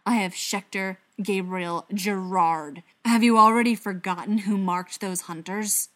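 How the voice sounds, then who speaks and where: A woman's voice: on the low side, normal speed, lightly acted. Briar, a woman voicing a sarcastic male vampire. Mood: cold. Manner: clipped, sarcastic. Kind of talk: audiobook reading.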